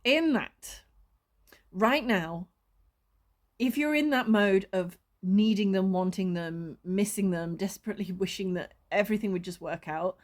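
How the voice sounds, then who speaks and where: A woman's voice: mid-range voice, a little slow. A woman, a spiritual coach, talking to camera in a casual vlog, passionate and emotional, laughing often and swearing freely.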